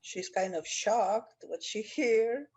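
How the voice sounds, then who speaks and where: A woman with a mid-pitched voice talks through a video call in non-native English. She speaks haltingly, stopping often to search for the right word. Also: darkish tone, slightly rough. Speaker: coaching participant.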